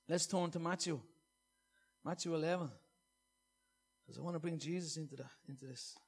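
A man preaching a sermon, earnest, swinging between loud emphasis and soft, hushed scripture reading. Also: on the high side, normal speed, husky.

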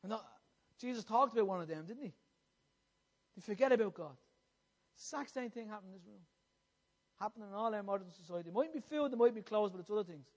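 A male preacher with a strikingly high voice delivers an impassioned sermon. He circles back over his phrases and asks his listeners questions as he presses his point. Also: lively intonation, fast, long pauses.

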